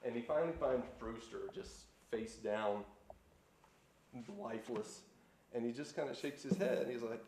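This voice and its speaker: A man's voice: medium pitch, normal speed, a little mellow. Man, stand-up comic, laid-back rambling delivery, echoey live room. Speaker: stand-up comedian. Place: live studio stage. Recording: roomy live stage sound with faint noise.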